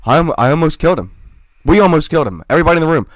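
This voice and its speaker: A man's voice: on the high side, racing, no room sound, studio quality. A young man co-hosting a podcast, telling a story with lots of swearing and acted-out quotes in casual chat. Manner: animated storyteller, swears a lot, acts out quotes. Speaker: podcast co-host.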